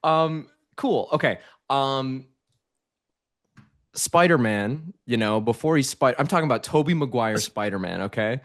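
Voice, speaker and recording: A man's voice: medium pitch, expressive, a little slow. A man hosting a podcast interview, asking questions in a casual, rambling way with lots of fillers. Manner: rambling, many fillers and restarts. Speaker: podcast host.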